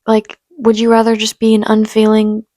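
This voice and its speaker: A young woman hosting her own podcast, talking in a casual, unedited chat that is soft, confiding and full of fillers. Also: fairly high pitch, monotone, normal speed, no echo. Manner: chatty, filler-heavy, soft and confiding, with frequent laughs. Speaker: podcast host.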